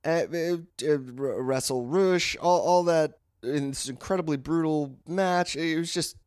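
A man co-hosting a podcast in casual chat, rambling excitedly and restarting his thoughts. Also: a little high, unhurried, clean tone, dry recording, studio quality.

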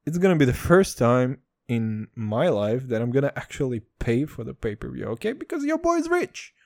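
A young man from Israel hosting a casual solo podcast, rambling and swearing, with jumps in pitch. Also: very animated, moderate pace, creaky, a little mellow, no echo. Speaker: podcast host.

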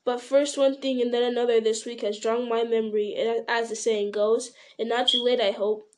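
A woman's voice: a little high, flat delivery, normal speed, close to an everyday voice. A woman voicing a fussy, rambling middle-aged male innkeeper with a folksy, apologetic way of talking.

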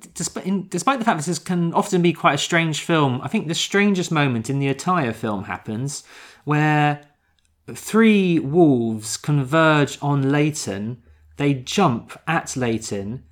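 A podcast co-host with a mid-range voice, talking through a film in relaxed conversation. The delivery is wry and joking, with asides and frequent laughs. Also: medium pitch, measured pace. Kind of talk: casual chat reviewing a film.

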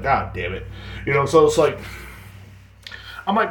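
A man's voice: medium pitch, expressive, fairly quick, pauses often, highs cut off. A man hosting a solo podcast, ranting bluntly and profanely with lots of fillers and restarts. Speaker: podcast host. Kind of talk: solo rant, casual monologue. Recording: echoey room.

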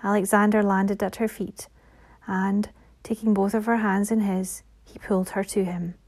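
A woman narrating a fantasy audiobook in a soft, measured reading voice that drops to a whisper at times. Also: mid-range voice, level tone.

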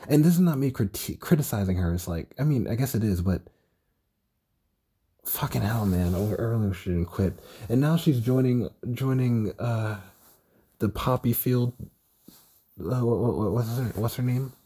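A man's voice: mid-range voice, lively intonation, moderate pace, dark tone, breathy edge. A young man talking casually on his own podcast, tired, stuttering and swearing as he rambles. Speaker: podcast host. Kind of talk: casual solo podcast about a TV show.

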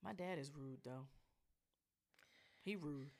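A middle-aged woman co-hosting a podcast, telling loud, profane stories in casual chat and laughing often. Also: sits low, takes it slowly, a little hiss or hum. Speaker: podcast co-host.

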